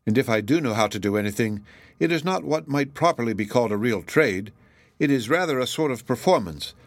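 A man's voice: mid-range voice, no echo, natural voice. Man reading as a humble, clever young thief. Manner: earnest, pleading.

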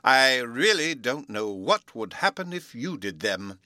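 A man reading a storybook aloud, voicing a fussy, absent-minded old male professor who lectures in a slow, pompous way. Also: mid-range voice, sing-song, sharp tone, no room sound, clean studio sound, pitched above the performer's own voice. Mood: pompous lecturing.

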